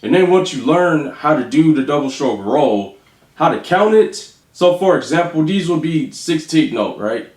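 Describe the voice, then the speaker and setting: A man's voice: fairly high pitch, expressive, darkish tone. Man counting drum rudiments in echoey room. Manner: counts beats aloud slowly and rhythmically. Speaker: drum teacher. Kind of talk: instructional demonstration. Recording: echoey room with faint noise.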